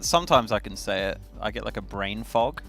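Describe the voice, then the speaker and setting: A man's voice: fairly low pitch, expressive, brisk, a bit bright, soft background music. A man in his thirties co-hosting a stream, joking around and laughing at his own tongue slips. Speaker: stream co-host. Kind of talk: casual chat.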